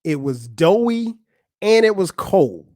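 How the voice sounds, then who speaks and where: A man's voice: high voice, slow pace, no echo, studio quality. A man hosting a podcast, telling a funny story in a casual, profane way and acting out what other people said. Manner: animated, profane, acts out other people's lines. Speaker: podcast host. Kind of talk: storytelling monologue.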